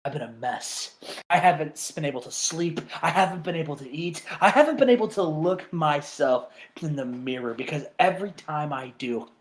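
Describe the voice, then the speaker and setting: A man voicing a disheveled, bitter wrestling villain with a low, brooding, resentful delivery. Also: lively intonation, moderate pace, lightly acted.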